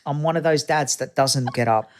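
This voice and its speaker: Animated Australian man in his fifties. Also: medium pitch, normal speed. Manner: animated, acts out quoted voices in anecdotes. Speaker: guest. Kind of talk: casual interview chat.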